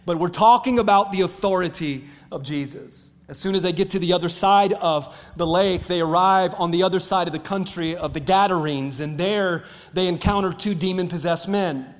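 A man pastor preaching a fiery sermon to his congregation, building up to shouts. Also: high-pitched, moderate pace, few pauses, long reverb tail. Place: church sanctuary.

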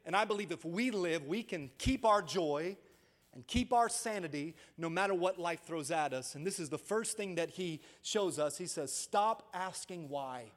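A man preaching a sermon as pastor, building to shouted emphasis. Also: fairly high pitch, animated, moderate pace. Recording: long hall reverb.

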